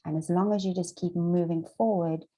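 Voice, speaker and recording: A woman's voice: lowish voice, fairly even intonation, a little fast, mellow, low-quality recording. An Australian woman coaching viewers on manifesting in a chatty, encouraging motivational talk to camera, repeating her points and using plenty of fillers.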